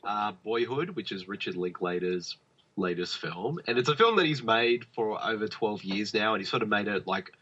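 Man, husky voice, forceful tone, rambling film chat, dull lo-fi podcast recording. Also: on the low side, expressive, moderate pace. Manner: rambling, many fillers and restarts. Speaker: podcast co-host. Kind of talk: casual film review chat.

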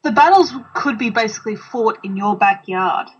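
Husky, giggly woman on dull audio. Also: medium pitch, animated. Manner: giggly, sarcastic, quick to laugh. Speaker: movie watch-along co-host. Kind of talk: casual commentary over a film.

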